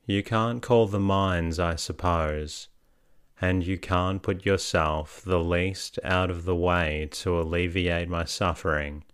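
A fretful, sickly young woman from an old storybook, always complaining and quick to take offence, read by a man. The voice sits very deep and unhurried, with a smooth, resonant tone. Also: fairly even intonation, no echo, studio quality. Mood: resentful. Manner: complaining, sharp-tempered.

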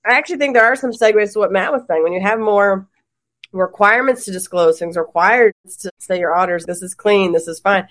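A woman law professor on a podcast panel, talking in animated quick bursts and often laughing. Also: medium pitch. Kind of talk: podcast roundtable discussion.

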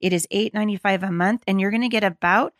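A middle-aged woman hosting a faith-based podcast, slightly hoarse and gravelly, talking in an earnest, encouraging, conversational way. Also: medium pitch, fast, no room sound, clean studio sound. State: slightly hoarse, losing her voice. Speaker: podcast host.

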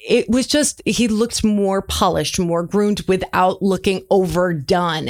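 A woman hosting a podcast, chatty and animated as she asks questions and tells stories. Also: medium pitch. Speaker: podcast host. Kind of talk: casual podcast interview.

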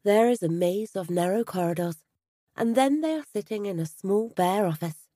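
A woman narrating a story aloud with an expressive reading manner. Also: mid-range voice, moderate pace, no room sound, studio quality.

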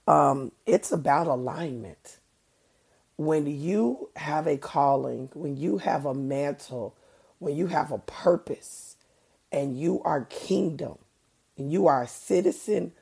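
A woman's voice: deep voice, creaky, darkish tone, breathy edge. A middle-aged woman hosting a faith podcast, talking earnestly and conversationally with preacher-like emphasis, a bit congested from allergies. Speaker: podcast host. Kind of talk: faith-based podcast monologue.

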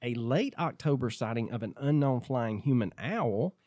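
Deadpan man reading out sightings. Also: medium pitch, moderate pace, no echo, studio quality. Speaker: podcast co-host. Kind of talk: reading out a list on a podcast.

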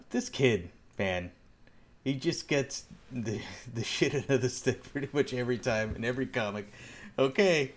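Laughing, foul-mouthed male co-host. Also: medium pitch. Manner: animated, swears freely, laughs a lot. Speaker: podcast co-host. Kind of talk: casual chat.

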